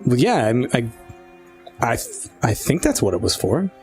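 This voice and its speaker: Halting, filler-heavy man at a game table. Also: mid-range voice, huge pitch swings, faint music behind. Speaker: game master. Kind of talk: tabletop role-play.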